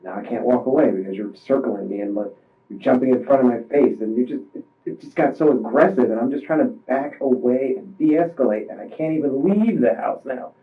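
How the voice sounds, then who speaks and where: In a police interview room, a man suspected of a crime tells his story haltingly, wandering and starting over many times. His mid-range voice sounds strained with distress, and the tinny recording seems captured from a distance.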